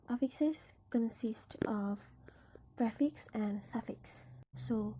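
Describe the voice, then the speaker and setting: A young woman with an Indonesian accent, giving a student class presentation on word stress, explaining carefully with examples and often dropping into a breathy near-whisper. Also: a little high, dark tone, a little hiss or hum. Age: young adult.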